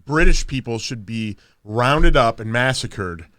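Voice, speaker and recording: A man hosts a casual podcast, his pitch leaping up and down as he talks. He stumbles and repeats words, and the sound is dry and close. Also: expressive, pushed and bright, no room sound. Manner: halting, repeats words, laughs often. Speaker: podcast host.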